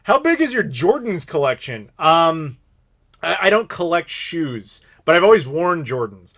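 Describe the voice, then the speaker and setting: A streamer host in his thirties runs a live Q&A, telling rambling stories in casual chat. His voice is a little high and a little slow, and he tells his stories animatedly, with laughs.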